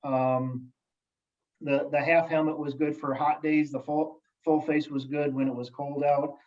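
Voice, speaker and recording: A man speaking as a guest in casual podcast chat, telling stories in an animated, jokey way with many restarts. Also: fairly high pitch, a little slow, dull audio. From United States. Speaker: guest, sales executive and elected official.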